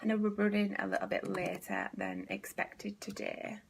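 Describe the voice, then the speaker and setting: A woman's voice: medium pitch, normal speed, vocal fry, noisy background. A woman hosting a casual live stream as a business coach, chatty and rambling, with many fillers and half-whispered asides.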